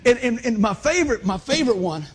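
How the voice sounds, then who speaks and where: A man preaches to his congregation in a church. His voice sits fairly high, and his delivery is animated and story-driven, with sudden shouted bursts. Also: fast, husky. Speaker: pastor. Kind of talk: sermon. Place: church sanctuary.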